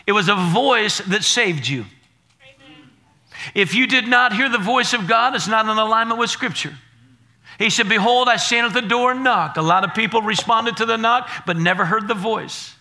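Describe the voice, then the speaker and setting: A pastor preaching a sermon in a high, very bright voice. He drives his points home with rhythmic repetition and climbs to shouted declarations. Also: normal speed.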